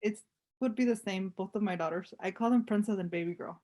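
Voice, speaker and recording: Expressive woman business owner, casual guest. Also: medium pitch, a little fast. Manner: expressive, self-described dramatic, storytelling. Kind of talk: casual interview chat.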